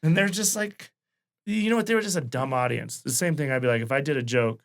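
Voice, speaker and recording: A male stand-up comedian from Wyoming, telling profane, animated stories in a casual chat. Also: medium pitch, fast talker, creaky.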